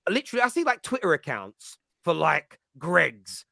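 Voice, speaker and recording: A man's voice: high voice, moderate pace, vocal fry, no room sound. Chatty East London man, dry close sound. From East London, England. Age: adult with a school-age child. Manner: animated, chatty, laughs often, frequent restarts. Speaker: fan podcast host. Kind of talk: casual chat, answering live chat comments.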